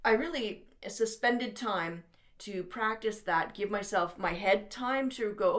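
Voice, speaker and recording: A woman's voice: mid-range voice, measured pace, faint music behind. A woman teaching trumpet in an instructional video, coaching encouragingly with breath cues and demonstrations.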